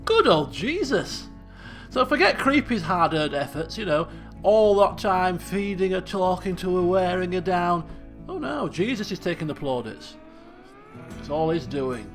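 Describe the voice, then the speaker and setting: A man's voice: sits high, lively intonation, moderate pace, soft background music. A man streaming a colony sim game live, chatty and thinking aloud while talking to his chat. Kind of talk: casual live game commentary.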